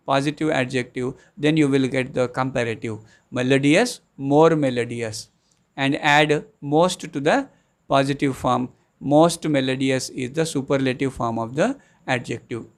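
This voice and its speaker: A man gives a classroom grammar lesson, his voice a little higher than usual and gravelly. He talks slowly, with frequent fillers, and says each example word twice to show its syllables. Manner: slow, repeats words and syllables with many fillers. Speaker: English teacher.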